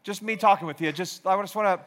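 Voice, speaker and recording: A man's voice: high voice, fast talker, a bit bright. Rambling self-deprecating male speaker. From Georgia, US. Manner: rambling, self-deprecating, many fillers and restarts. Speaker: youth ministry speaker. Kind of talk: casual sermon with storytelling.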